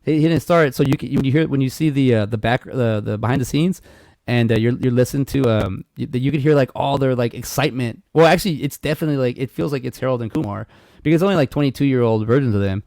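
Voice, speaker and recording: A man raised in Mexico, co-hosting a podcast, telling animated stories in casual chat, acting out voices and laughing often. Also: mid-range voice, fast, no room sound, studio quality. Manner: animated storyteller, acts out voices, laughs a lot. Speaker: podcast co-host.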